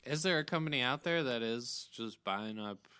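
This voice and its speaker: A man's voice: medium pitch, expressive, moderate pace, bright, forceful tone, clean tone. A man co-hosting a casual chat, laughing often and asking his questions hesitantly. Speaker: podcast co-host.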